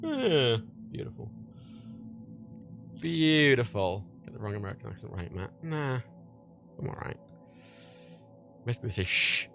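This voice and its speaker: A man's voice: medium pitch, sing-song, measured pace, vocal fry, long pauses, fairly bright tone, faint music behind. A young man with a Liverpool accent, rambling and swearing casually on a livestream while reading chat, laughing often. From England.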